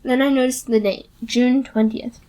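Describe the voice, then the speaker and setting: A woman reading a novel aloud in steady, plain first-person storytelling. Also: fairly high pitch, moderate pace. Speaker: audiobook reader.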